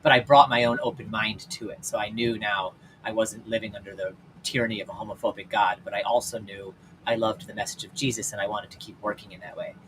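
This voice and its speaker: A man hosting his own show, telling personal stories in a casual, candid way with lots of fillers, swinging between loud and hushed. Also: lowish voice, fairly even intonation, fast talker, noisy background. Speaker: podcast host and life coach. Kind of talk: personal storytelling monologue.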